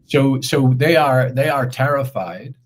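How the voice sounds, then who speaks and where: A man with a mid-range voice comments as a guest in a live online interview. He speaks in a measured, deliberate way, though he often uses fillers and restarts his sentences.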